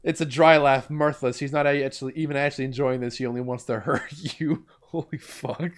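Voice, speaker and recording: A young man streaming a video game, commenting and reading its text aloud, swinging from deadpan asides to shrieking outbursts. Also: mid-range voice, fast.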